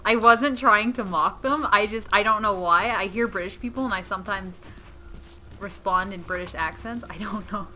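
A young woman giving excitable, giggly let's-play commentary at home while gaming. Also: medium pitch, normal speed. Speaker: gamer. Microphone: webcam or desk mic. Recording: noisy game audio behind.

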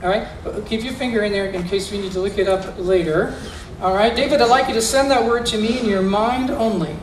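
A man's voice: high-pitched, brisk, a little hiss or hum. A man performing as a magician for a school audience, coaxing child volunteers through mind-reading tricks with playful, theatrical patter. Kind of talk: live stage patter with young volunteers. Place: school room or gym, indoors. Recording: echoey room, voice from far off.

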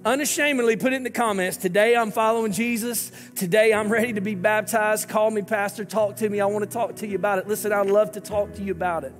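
A man's voice: high voice, steady tone, quick pace, few pauses, in a large hall, faint music behind. A man, a lead pastor, giving an earnest, pleading sermon and prayer to viewers watching online.

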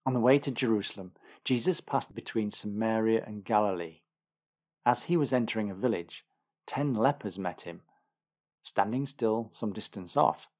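A man reading scripture aloud as narration, in a steady, expressive manner. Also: on the low side, normal speed. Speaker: Bible reader.

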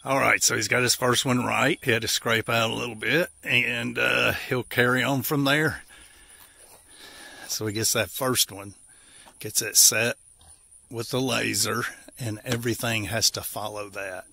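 Breathless Appalachian man, gravelly and bright. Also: medium pitch, fairly even intonation, a little slow, dry recording. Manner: joking, folksy, rural slang. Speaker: vlogger. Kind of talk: casual on-site narration. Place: outdoor work site.

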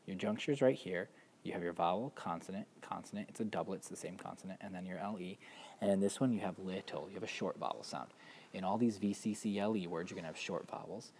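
A man teaching a spelling lesson, patiently explaining step by step with frequent pauses and ums. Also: low voice, darkish tone, a little hiss or hum. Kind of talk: instructional walkthrough.

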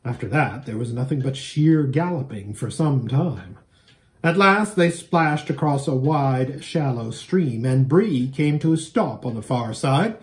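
A man, a pastor, reading a children's book aloud in an expressive, animated storytelling manner. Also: mid-range voice, measured pace.

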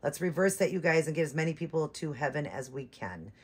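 This doll-collecting channel host has a low-pitched, slightly rough voice that is expressive and a little fast. Her casual chat rambles along, heavy with fillers and restarts.

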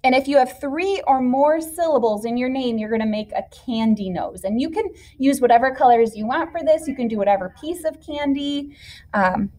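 A woman's voice: high-pitched, normal speed, warm tone. A woman teacher patiently explaining a classroom activity step by step to young children. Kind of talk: classroom instruction video.

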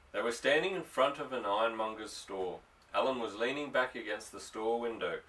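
A man narrating an audiobook, telling the story in a steady way. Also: lowish voice. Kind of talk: scripted narration. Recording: distant mic.

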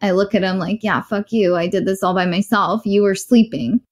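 A woman's voice: medium pitch, steady tone, moderate pace. A young adult woman in a podcast interview, telling a personal story candidly and bluntly, acting out what others said. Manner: candid, blunt, acts out quoted voices.

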